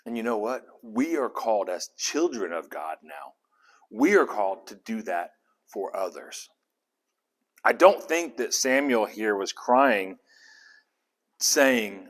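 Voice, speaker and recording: A man leading a casual Bible study, animated and conversational, often asking the group questions. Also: fairly low pitch, slow pace, pauses often.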